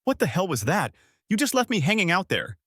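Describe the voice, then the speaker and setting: A man voicing a smug, combative young woman who brags and mocks in a sharp tone. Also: medium pitch, huge pitch swings, normal speed, dry recording, studio quality. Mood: angry hissing. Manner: mocking, boastful, sharp.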